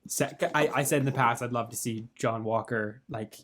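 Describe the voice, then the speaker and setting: A man's voice: mid-range voice, normal speed, a bit bright, slight background noise. Easygoing young man agreeing along. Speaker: podcast co-host. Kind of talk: casual podcast chat.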